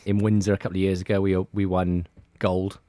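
A man's voice: low voice, flat delivery, a little fast, warm tone, no room sound. A man chatting in a radio interview, rambling and repeating words as he tells stories. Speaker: hospital radio presenter. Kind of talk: casual radio interview chat.

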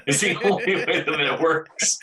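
A man's voice: on the high side, normal speed, a crowd in the background. A man cohosting a podcast, throwing in teasing jokes and quips. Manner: joking, teasing interjections. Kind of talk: casual podcast banter.

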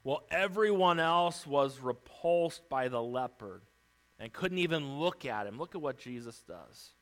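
A man preaching a sermon as pastor, emphatic, swinging between loud declarations and hushed lines, acting out pleas. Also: mid-range voice, animated, unhurried, rough recording. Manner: acts out Bible characters' pleas.

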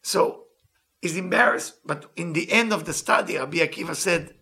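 A man teaching a Talmud story with impassioned, earnest storytelling, reading Hebrew text quickly and then retelling it in plain English. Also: on the high side, bright, forceful tone. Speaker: Torah teacher.

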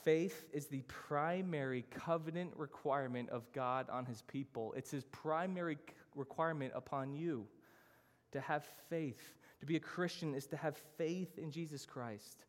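A man's voice: a little high, moderate pace. A man preaching a sermon as pastor, earnest and emphatic, moving through his points in lists. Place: church hall. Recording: church sermon with long hall reverb.

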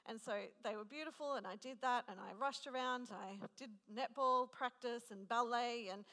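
A woman's voice: on the high side, normal speed, pushed and bright. A woman in her thirties preaching a conversational sermon, telling a personal story in a chatty, self-deprecating way. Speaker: preacher at a women's gathering. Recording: long hall reverb.

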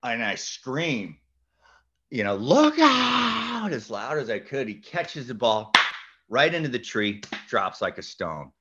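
Animated storytelling man, lively lilt. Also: fairly low pitch, a little slow, breathy edge, lo-fi sound. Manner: lively, acts out voices, shouts punchlines. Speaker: podcast guest, golf instructor.

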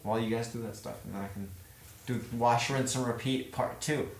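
A man's voice: mid-range voice, fairly quick, creaky. A man at a tabletop game talks his plan out in loose, rambling bursts, full of fillers and restarts. His voice sits in an echoey room, with a faint hiss behind it. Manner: rambling, excited planning with many fillers. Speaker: player.

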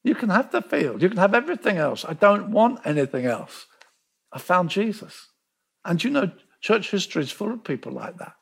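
A man preaching a sermon, telling the story with lively emphasis and repeating words to drive points home. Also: high-pitched, normal speed, creaky, slightly rough. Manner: animated storytelling, acting out quoted voices.

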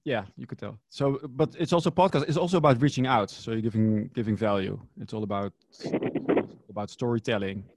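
A man hosting a casual interview chat, loose and halting with many fillers. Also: lowish voice, a little mellow, no echo, clean studio sound. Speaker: podcast host.

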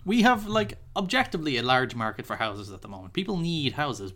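A man trades views on a podcast in loose, casual chat. His pitch swings widely as he pushes back, blunt and opinionated, cutting in with quick retorts. His voice sits at an ordinary middle height for a man. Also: sing-song, pushed and bright. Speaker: podcast co-host.

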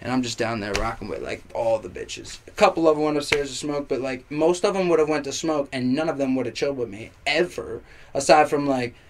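A young man, a rapper on as a podcast guest, telling a party story in casual chat, animated and profane, packed with fillers. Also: mid-range voice, a little fast, slight background noise.

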